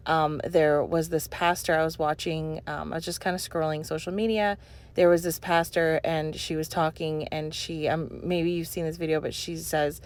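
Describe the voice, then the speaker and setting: A woman's voice: low-pitched, steady tone, unhurried, a little mellow. A young woman talking over her cleaning vlog in an earnest, rambling way, full of "you know" fillers. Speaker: cleaning vlogger. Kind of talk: heartfelt voice-over chat.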